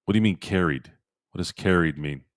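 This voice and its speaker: A middle-aged man hosting a casual sports live-stream, excitable and animated, answering viewers in chat. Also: sits low, brisk, dry recording, clean studio sound. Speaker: sports podcast host.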